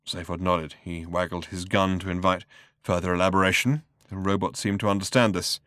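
Man narrating a story, low and dry. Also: fairly even intonation, brisk, a bit bright, no echo. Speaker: audiobook narrator. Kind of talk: scripted narration.

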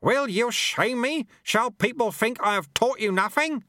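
A man voicing a stern, sharp-tongued old male sweeper monk who snaps his words, in an audiobook. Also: very high-pitched, lively intonation, measured pace, no room sound, clean studio sound, voice pushed up, exaggerated voice. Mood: stern, scolding. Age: older. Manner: snapping, stern. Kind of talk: audiobook character voice.

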